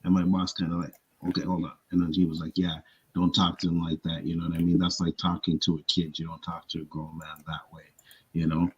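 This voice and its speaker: A man on a talk show panel, telling a workplace story in casual chat, animated and profane. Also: low-pitched, fairly quick, husky, dull audio. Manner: animated storyteller, profane, acts out others' lines.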